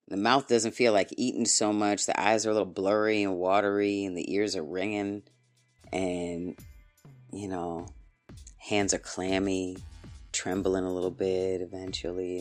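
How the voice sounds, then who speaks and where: A man hosting a podcast, casually telling a story in a relaxed, drifting voice with profane asides. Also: low-pitched.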